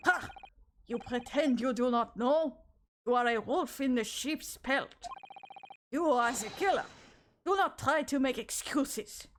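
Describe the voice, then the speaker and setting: Woman putting on a gruff Russian sailor. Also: high-pitched, measured pace, a little hiss or hum, voice pushed up. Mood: accusing. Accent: put-on Russian. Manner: stern, broken grammar, loud. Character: gruff male Russian ship crewman, accusing. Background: game music.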